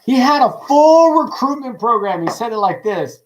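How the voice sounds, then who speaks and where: A man preaching on a livestream in a lively, joking way, asking his audience many questions. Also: very high-pitched, moderate pace, slight background noise, rough recording. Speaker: pastor. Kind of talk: livestreamed ministry teaching.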